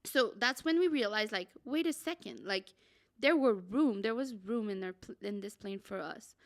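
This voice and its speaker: A young woman, a podcast co-host, telling a travel story in a dramatic, excitable way and saying "like" a lot. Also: mid-range voice, moderate pace. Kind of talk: casual storytelling.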